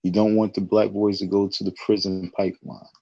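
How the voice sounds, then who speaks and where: A man's voice: fairly low pitch, little pitch movement, fairly quick, gravelly, mellow, no echo, highs cut off. A man telling a rambling story in a casual monologue, often restarting his sentences. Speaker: online talk show host.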